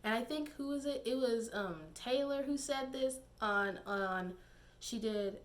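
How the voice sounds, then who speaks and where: A woman's voice: a little high, a little slow. A young woman giving casual, digressive commentary to camera, laughing and using many fillers. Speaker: YouTube commentator.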